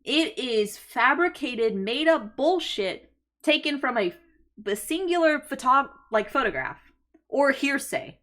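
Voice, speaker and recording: A young adult woman streaming live, reacting excitedly and swearing casually as she talks to her chat. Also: sits high, a little slow.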